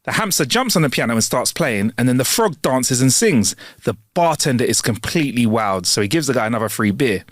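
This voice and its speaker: Lively man reading jokes. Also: medium pitch, brisk, few pauses, dry recording, clean studio sound. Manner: reads jokes with lively put-on character voices, laughs a lot. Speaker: podcast co-host. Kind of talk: reading jokes aloud, casual chat.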